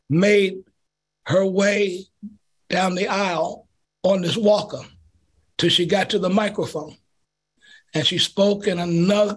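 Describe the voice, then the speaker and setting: A middle-aged man, a pastor and community organizer, telling stories in an animated way in an interview. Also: high-pitched, husky. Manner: animated storyteller, acts out quotes. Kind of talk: storytelling in an interview.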